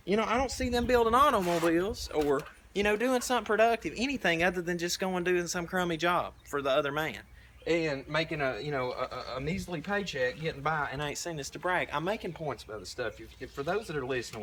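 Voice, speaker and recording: Outdoors at a tiny house build, a young Southern-accented prepper vlogger paints while preaching in a casual, blunt, folksy ramble with lots of restarts. His voice sits on the high side and is a bit bright, with a little hiss or hum.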